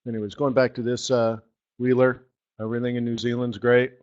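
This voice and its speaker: A man's voice: mid-range voice, flat delivery, brisk, darkish tone, highs cut off. A man hosting a live trading webinar, talking in a sarcastic, joking, rambling way. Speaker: forex market strategist hosting a live webinar.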